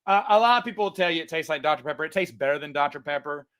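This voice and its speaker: A man's voice: on the high side, rapid-fire, fairly bright tone, a little hiss or hum. A man hosting a casual livestream, answering viewer chats in a rambling way with frequent stammers and restarts.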